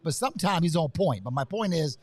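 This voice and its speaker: At a hotel conference venue, a man is interviewed live as an event guest at a business conference, pumped up and rambling and often saying how fired up he is. His voice is on the high side, animated, brisk and a little mellow, in a dry recording.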